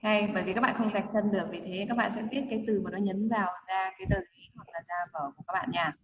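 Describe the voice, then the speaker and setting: A woman's voice: medium pitch, expressive, racing, a little hiss or hum. Woman teacher on a call, roomy and a bit muffled. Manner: switches between English and Vietnamese, quizzes students. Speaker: English teacher. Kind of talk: online class teaching. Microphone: video call. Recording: roomy, dull video call audio.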